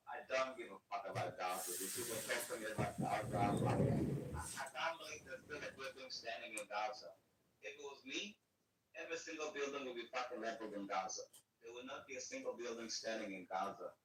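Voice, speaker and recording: A man's voice: mid-range voice, quick pace, fairly bright tone, slight background noise. A man speaking as a guest on a podcast, heated and repetitive, swearing heavily. He is recorded in an echoey room with the mic at a distance. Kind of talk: profane political podcast chat.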